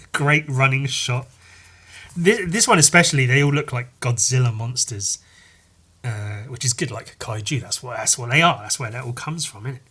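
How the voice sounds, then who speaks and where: A man's voice: medium pitch, pushed and bright, breathy edge. A man hosting a podcast, reading through a comic book in a casual, rambling, sweary way. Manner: rambling, sweary, laughing often. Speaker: podcast host.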